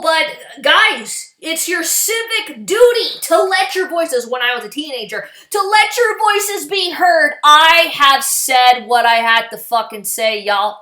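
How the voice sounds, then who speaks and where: Angry canadian woman swearing through a political rant, high bright voice, slow and echoey. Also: animated. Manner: furious, profane, sarcastic. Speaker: political vlogger.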